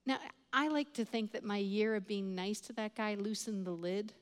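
A woman's voice: mid-range voice, normal speed, a little hiss or hum. A woman preaching a sermon, telling stories with laughs and quoted voices and building to emphatic points. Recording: long hall reverb.

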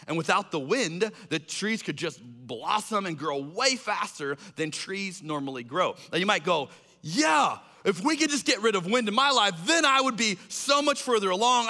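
A man preaching a sermon as a pastor, telling a story in a lively way and acting out the voices in it. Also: on the high side, big-room sound. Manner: animated storytelling, acts out voices.

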